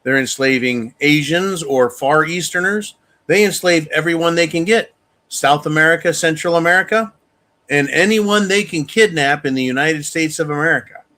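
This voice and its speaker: A man's voice: on the high side, normal speed, sharp tone. A man hosting a show, delivering an angry, profane monologue rant. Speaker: show host. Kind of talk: opinion monologue.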